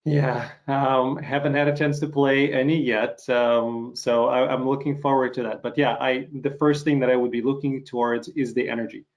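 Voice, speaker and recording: Guy hosting an interview, russian native speaker, mid pitch, lots of ums and you knows. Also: level tone, normal speed, few pauses. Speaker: interview host. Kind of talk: casual interview chat.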